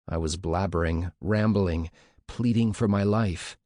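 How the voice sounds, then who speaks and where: A man narrating a first-person memoir audiobook in a measured, scripted storytelling manner. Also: deep voice, fairly even intonation, dark tone, no echo, studio quality.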